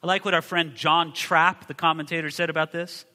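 A male pastor preaches with animation, swinging between booming declarations and hushed asides. His voice sits high and rings bright and forceful. A long hall reverb trails each phrase in the church. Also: fairly quick. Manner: animated preaching, shifts from booming to hushed, acts out quoted figures. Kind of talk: sermon.

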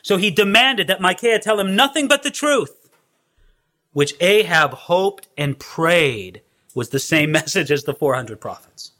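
A man preaches in an animated, storytelling style and acts out the scenes as he reads. His voice sits high and sounds bright and forceful. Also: a little slow. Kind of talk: expository sermon.

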